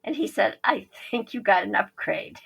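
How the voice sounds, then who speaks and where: A woman's voice: medium pitch, animated, moderate pace, creaky, fairly bright tone, slightly rough, rough recording. A woman psychic medium, a podcast guest, telling a story animatedly and acting out the quoted dialogue.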